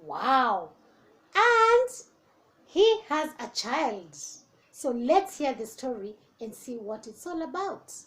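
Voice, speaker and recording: A female teacher reads a children's storybook aloud in a slow, fairly high voice. Her delivery is expressive and animated, and she adds asides for the young listeners.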